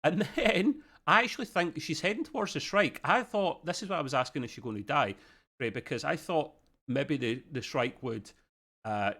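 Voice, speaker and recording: A man's voice: on the high side, lively intonation, normal speed, sharp tone. Chatty man hosting a review podcast. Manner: chatty, uses British slang like "bloody" and "mate". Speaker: podcast co-host. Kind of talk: casual review chat.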